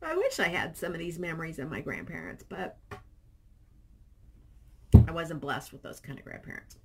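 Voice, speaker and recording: A middle-aged woman vlogging casually, chatting and reading viewer comments aloud in an animated storytelling way. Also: deep voice, normal speed, very noisy.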